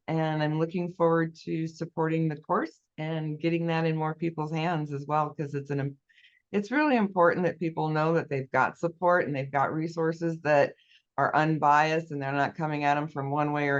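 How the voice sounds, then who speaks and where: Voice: medium pitch, clean tone. A guest in a casual interview, earnestly explaining a product step by step. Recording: dull lo-fi audio.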